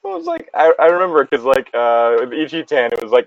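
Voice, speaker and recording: A long-winded man jokes his way through reading a story aloud in casual podcast banter. His pitch leaps all over the place, recorded on a dry, close mic. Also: huge pitch swings, quick pace, no room sound, highs cut off. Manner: long-winded, joking, laughs often. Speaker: podcast co-host and story reader. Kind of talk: casual comedic chat.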